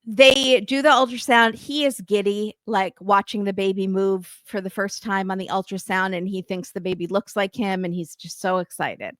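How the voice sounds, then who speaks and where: A woman's voice: medium pitch, normal speed, few pauses, no echo, studio quality. A woman hosting a casual recap podcast, acting out quotes with laughs. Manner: animated, acts out quotes with laughs. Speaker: podcast host.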